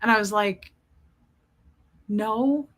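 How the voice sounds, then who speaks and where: A woman's voice: medium pitch, very slow, fairly bright tone. A woman hosting a casual livestream, chatting and greeting viewers by name as she tells a story. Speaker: livestream host.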